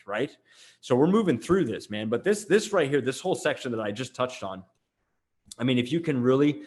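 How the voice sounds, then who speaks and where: A man hosting a casual marketing talk, animated and emphatic, with many fillers and restarts. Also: medium pitch. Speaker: host.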